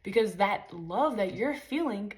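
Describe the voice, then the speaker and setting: A woman's voice: mid-range voice, expressive, unhurried. A young woman speaks straight to camera in a loose, rambling way. She is frank and swears freely. Her talk is full of fillers like "like" and "you know". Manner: frank, profane, chatty with many fillers. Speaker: spiritual vlogger. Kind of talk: casual rambling monologue.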